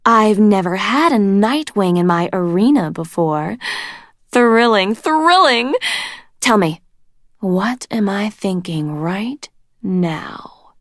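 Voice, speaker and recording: Cruel sing-song dragon queen, read by a woman, taunting and slow. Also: medium pitch, no room sound, studio quality, lightly acted. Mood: mocking. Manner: mocking, sing-song and drawn out.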